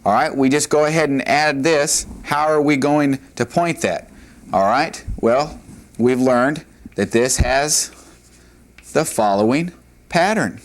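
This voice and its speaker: At a classroom board, a man gives a Hebrew grammar lesson, taking it slowly in a mid-range voice. Patient and repetitive on key points, he fills his speech with "all right" and "uh."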